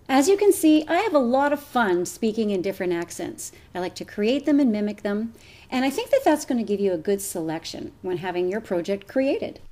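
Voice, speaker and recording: A woman's voice: mid-range voice, brisk. A woman voice actor playfully presenting her voice reel. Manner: playful, lively.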